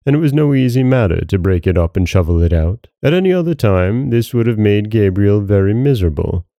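A man narrating a classic story in a measured, dramatic storytelling style. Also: fairly low pitch, lively intonation, no room sound, highs cut off.

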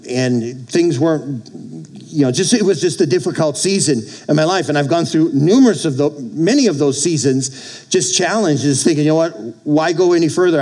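A man's voice: fairly high pitch, darkish tone, poor audio. A middle-aged male pastor preaching a sermon, exhorting the congregation with frequent calls for amen. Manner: exhorting, with call-outs for amen.

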